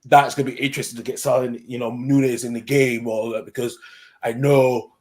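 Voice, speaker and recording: A man's voice: mid-range voice, level tone, fairly quick, darkish tone. A man co-hosting a casual football watchalong, rambling, repeating words and trailing off. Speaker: co-host.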